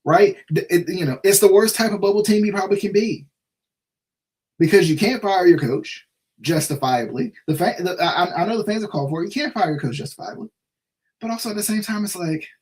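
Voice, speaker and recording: A man with a slightly high voice hosts a casual sports live stream. He vents his frustration, circles back to the same points and keeps asking "right?" as he talks straight to his viewers. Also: fairly quick. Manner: frustrated, repetitive, full of restarts and "right?". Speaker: sports show host.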